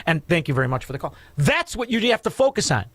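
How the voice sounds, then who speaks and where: Male talk radio host, high and lively voice, dry studio sound, combative and sneering. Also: fast, no room sound. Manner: mocking, combative, insulting. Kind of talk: talk radio taking calls. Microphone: studio microphone.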